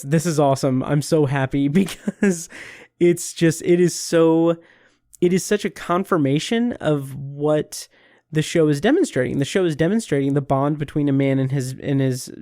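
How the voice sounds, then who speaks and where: Podcast host, male, fairly high voice; warm, earnest, rambling enthusiasm, dry close mic. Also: normal speed, no echo. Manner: earnest and gushing, many fillers and restarts. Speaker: podcast host reviewing TV episodes. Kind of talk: casual solo review.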